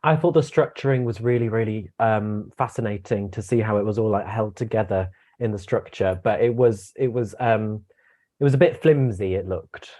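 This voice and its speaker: A man's voice: on the low side, normal speed, warm tone. A young man giving his views in a casual review chat, chatty and opinionated, with stammering restarts. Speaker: co-host guest.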